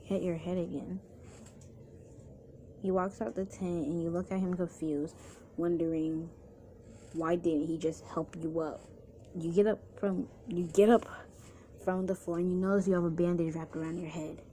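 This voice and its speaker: A woman's voice: on the low side, steady tone, normal speed, mellow, a little hiss or hum. A woman narrating a second-person fan story casually, with restarts and chatty asides.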